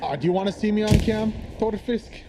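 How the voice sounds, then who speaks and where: A man giving casual live commentary on an online war game match, chatty and quick to laugh. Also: high-pitched, background noise. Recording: game gunfire and explosions behind.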